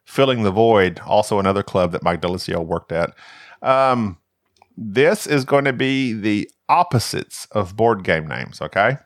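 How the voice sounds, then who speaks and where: Man, low voice, podcast host running a quiz, playful, dry close recording. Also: animated, measured pace, no room sound.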